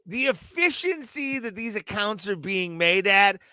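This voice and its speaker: A man's voice: sits high, animated, unhurried, pushed and bright. A man co-hosting a podcast in casual chat, joking and laughing as he reads viewer chat aloud. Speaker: podcast co-host.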